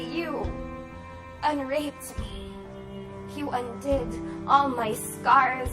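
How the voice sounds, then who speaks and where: High-voiced woman performing spoken word. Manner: confessional, intense, builds from hushed to forceful. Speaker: guest poet.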